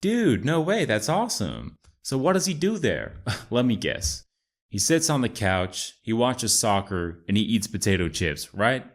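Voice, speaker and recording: A man putting on an American accent to voice Chad, an excitable, laid-back young American guy who calls everyone dude and bro. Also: fairly low pitch, a little slow, exaggerated voice. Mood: excited. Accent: put-on American.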